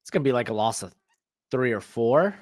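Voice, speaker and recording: Young guy hosting a watch-along stream; loose, joking, rambling chatter at a middle pitch. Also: expressive, fairly quick. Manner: rambling, jokey, talks to chat and his dog. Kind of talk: casual live-stream chat and game reactions.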